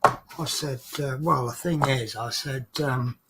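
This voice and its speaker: A British man, a coach driver, casually telling funny anecdotes on a stream in a chatty, animated way, laughing along at his own stories. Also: medium pitch, slow, heavy background noise. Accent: British English.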